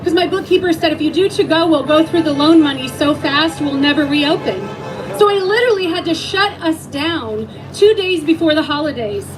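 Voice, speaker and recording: A woman's voice: sits high, moderate pace, rough recording. A middle-aged woman who owns a restaurant, giving an emotional speech at an outdoor rally and rising to rallying cries. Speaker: rally speaker, restaurant owner. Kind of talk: impassioned speech to a crowd.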